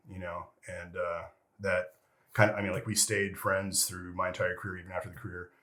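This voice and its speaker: A man's voice: deep voice, steady tone, moderate pace, fairly bright tone. A middle-aged man, a retired military veteran, telling stories as an interview guest in a rambling, profane way full of fillers. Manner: rambling and profane, heavy with fillers like "you know" and "freaking". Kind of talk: casual storytelling interview.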